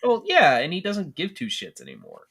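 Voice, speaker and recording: Animated, opinionated man on a podcast. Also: high voice, normal speed. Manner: animated, swears casually, opinionated. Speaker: podcast co-host. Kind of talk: casual chat.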